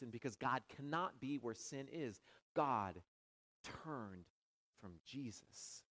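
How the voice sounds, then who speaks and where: Male pastor, mid-pitched, dramatic sermon delivery with loud builds and quiet falls. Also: expressive, moderate pace, no room sound, rough recording. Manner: preaching with dramatic rises and hushed drops.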